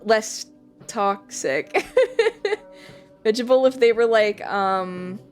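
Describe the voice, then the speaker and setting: A woman's voice: mid-range voice, slow, faint music behind. A young woman streaming from home, chatting casually and rambling with lots of fillers and giggles. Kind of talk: casual live-stream chat.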